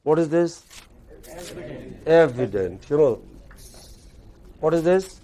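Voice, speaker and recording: A man's voice: a little high, animated, slow pace, mellow. A man with an Indian English accent teaching pronunciation to a class and drilling students with repeated questions. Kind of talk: classroom lecture.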